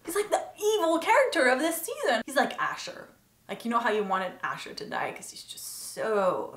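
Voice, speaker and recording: A woman's voice: on the high side, sing-song, moderate pace, fairly bright tone. A woman reviewing a TV episode in a casual vlog, talking in an emotional, gushing way. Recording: echoey room.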